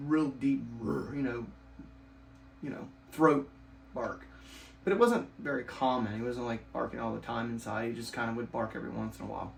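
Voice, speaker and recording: A young man tells a ghost story in a casual, rambling way, full of fillers and repeated "you know"s. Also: mid-range voice. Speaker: channel host telling a ghost story. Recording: roomy home recording with faint hiss.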